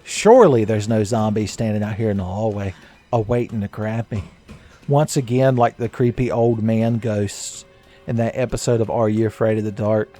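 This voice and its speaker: A man giving casual, joking commentary while playing a game, his voice a little raspy today and often breaking into laughs at his own asides. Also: lowish voice, normal speed, mellow, soft background music. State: slightly raspy voice. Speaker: gaming commentator. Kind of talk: casual let's-play commentary.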